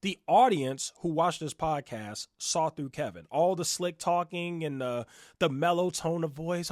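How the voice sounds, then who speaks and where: Male reaction commentator, animated and mocking, loud bursts then muttered asides; dry close mic. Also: a little fast, no room sound. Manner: animated, mocking, swings between loud outbursts and low muttering. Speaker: commentary YouTuber.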